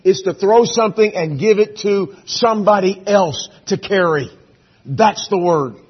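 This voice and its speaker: A middle-aged man preaching a sermon, shifting from hushed, intimate lines to loud, emphatic bursts, with a husky voice. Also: high voice, unhurried, highs cut off. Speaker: pastor.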